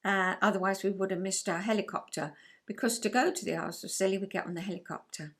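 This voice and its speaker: With a quick pace and a fairly bright, mid-range voice, an older Englishwoman vlogs to camera. Her casual chat is rambling and enthusiastic, broken by occasional laughs.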